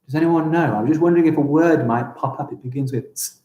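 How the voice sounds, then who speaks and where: A young English man teaching a live-streamed primary school lesson, upbeat and encouraging, sounding out words slowly. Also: fairly high pitch, warm tone, roomy sound, rough recording.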